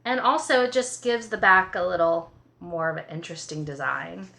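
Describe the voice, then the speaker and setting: Bright-voiced woman teaching a craft. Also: lowish voice, moderate pace, creaky. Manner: gentle, step-by-step, reassuring. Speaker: art teacher. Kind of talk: craft tutorial.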